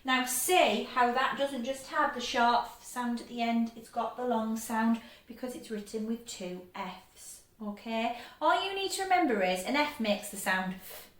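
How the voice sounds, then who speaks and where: A woman teaching a phonics lesson to young children, encouraging and stretching sounds out slowly. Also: on the high side, echoey room. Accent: English.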